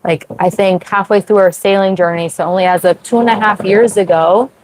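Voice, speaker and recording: A young woman hosting a casual livestream from her sailboat at sea, chatty, full of "like" fillers and quick laughs. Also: mid-range voice, steady tone, background noise. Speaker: sailing livestream host. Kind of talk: casual livestream chat with viewers.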